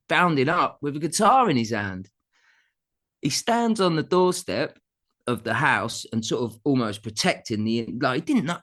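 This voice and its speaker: A middle-aged male musician, appearing as a guest in a casual interview, tells a long anecdote and laughs often along the way. His voice is mid-range and a bit bright.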